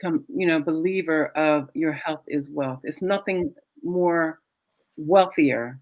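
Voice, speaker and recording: A woman's voice: sits low, slow, no room sound, narrow, tinny audio. A woman guest, a caregiver, telling her story in an earnest, reflective way and repeating key phrases. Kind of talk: casual interview storytelling.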